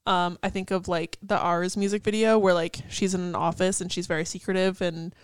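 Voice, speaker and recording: A woman's voice: fairly low pitch, level tone, a little fast, smooth, dry recording. A young woman co-hosting a casual chat, picking apart song lyrics in a chatty way full of "like" and the odd swear. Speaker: co-host.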